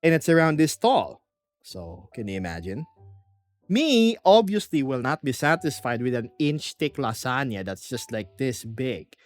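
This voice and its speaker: A young man VTuber streams casually from his small apartment, chatting with viewers and reading their comments aloud in an animated, self-deprecating way. His mid-range voice moves at normal speed, with faint music playing behind.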